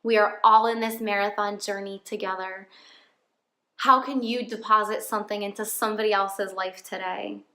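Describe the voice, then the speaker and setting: A woman's voice: mid-range voice, steady tone, normal speed, pushed and bright, roomy sound. A woman talking in a casual personal vlog from her home, earnest and heartfelt. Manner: earnest, heartfelt, openly emotional. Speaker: faith vlogger.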